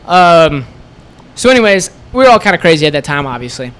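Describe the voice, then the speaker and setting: A man sits as a podcast guest and tells a long, animated story. His voice sits a little high for a man, and he keeps slipping into the voices of the people in it, stringing everything together with "like.". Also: fairly quick, clear, resonant tone. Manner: animated, acts out quoted voices, lots of "like". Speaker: podcast guest, store co-owner. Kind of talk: casual storytelling.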